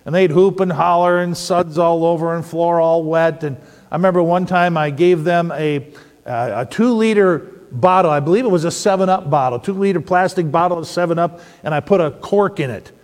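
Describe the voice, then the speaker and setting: A middle-aged man preaching a sermon, telling stories and asking the audience questions in an animated way. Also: fairly high pitch, moderate pace. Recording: long hall reverb.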